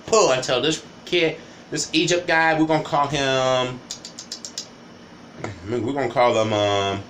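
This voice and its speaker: A man's voice: medium pitch, fairly even intonation, slow, fairly bright tone, slight background noise. A man vlogging a rambling, casual storytime monologue, often tagging "right?" and "you know" onto his sentences.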